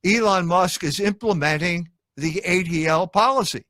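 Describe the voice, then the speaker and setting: A man hosting an interview, speaking in a halting, hesitant way and often searching for words. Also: sits high, sharp tone, no echo, clean studio sound. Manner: halting, hesitant, many fillers and restarts. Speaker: host, interviewer. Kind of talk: interview conversation.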